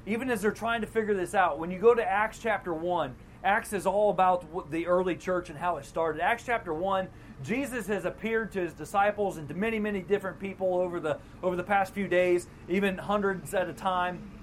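A pastor preaches in a relaxed, conversational way and slips into quoted voices from the story. The voice sits at a middling pitch, with a faint hum of noise behind it. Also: a little fast, rough recording. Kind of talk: sermon.

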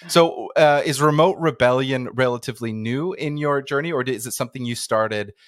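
A man's voice: medium pitch, moderate pace, no echo, clean studio sound. A man from Canada hosting a podcast, asking questions in a rambling, self-interrupting way. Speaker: podcast host. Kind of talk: casual interview chat.

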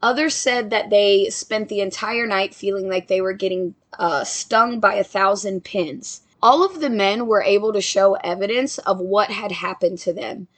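A woman's voice: medium pitch, moderate pace, hardly any pauses. A young woman casually narrating a ghost story, with joking asides to her listeners.

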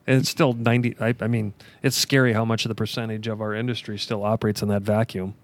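Low-voiced rambling enthusiastic podcast host. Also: male voice, flat delivery, quick pace. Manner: enthusiastic, rambling, with many restarts. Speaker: podcast host, construction contractor. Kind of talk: casual podcast chat.

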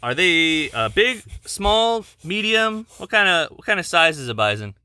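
Low-voiced woman podcast host, patient and coaxing like a teacher, bright tone, dry close mic. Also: very animated, unhurried, no room sound. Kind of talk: casual podcast chat with a child. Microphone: desk microphone.

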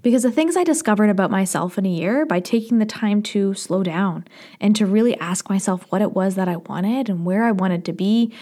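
A woman's voice: mid-range voice, fairly quick, dark tone. Candid woman hosting a solo podcast. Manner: candid, reflective, laughs easily. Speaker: podcast host.

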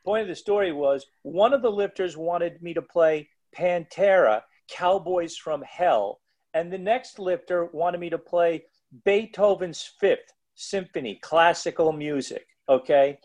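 A man's voice: a little high, a little slow, darkish tone. A man who plays the music at powerlifting meets, telling rambling, digressive stories in a casual podcast chat with many restarts.

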